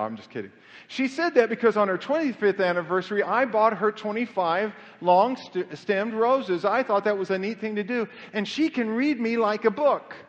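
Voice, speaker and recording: A middle-aged male pastor preaching a sermon in a church, conversational and self-deprecating, building to fervent emphasis. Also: high-pitched. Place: church sanctuary. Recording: muffled sound with long hall reverb.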